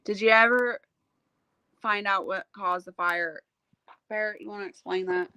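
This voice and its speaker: A woman hosting a casual livestream, telling stories in a chatty, animated way and laughing often. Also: mid-range voice, normal speed, clean tone. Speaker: livestream host.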